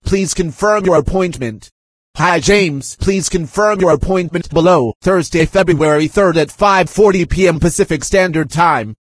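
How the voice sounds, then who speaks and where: Husky-voiced man reading a message aloud. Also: sits high, normal speed, dry recording. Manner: reads punctuation and spellings aloud, dictation-like; aggrieved, insistent.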